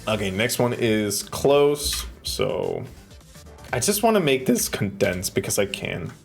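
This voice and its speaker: A man's voice: lowish voice, very animated, slow, gravelly, faint music behind. A man streaming live from a home setup, chatting casually and rambling with jokes and bursts of swearing while he codes. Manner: rambling and jokey, with sudden swearing outbursts. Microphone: desk microphone close in front.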